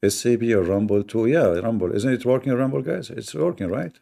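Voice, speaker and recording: A man's voice: mid-range voice, a little fast, gravelly, dark tone. A man hosting a debate livestream, talking sarcastically and mockingly to his chat.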